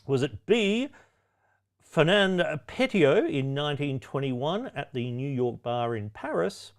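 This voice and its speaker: A man's voice: on the high side, sing-song, slow. A man hosting a pub quiz, reading out questions with wry, cheeky asides and chatty self-corrections. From Australia. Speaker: quiz host.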